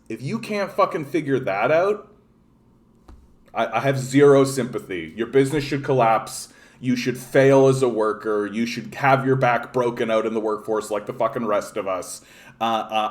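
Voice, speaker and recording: A man's voice: medium pitch, normal speed. A man from Canada giving an angry, profane political rant, blunt and scornful. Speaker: political commentator.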